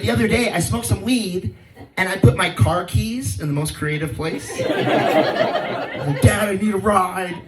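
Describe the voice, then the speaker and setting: A man in his thirties performs stand-up with a laid-back, rambling delivery. His slightly high voice swings up and down. He is heard from a distance in a roomy venue, with loud crowd laughter around him. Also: very noisy. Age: 30s. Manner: laid-back stoner delivery with rhyming riffs. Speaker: stand-up comedian. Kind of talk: stand-up comedy set. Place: live comedy show venue.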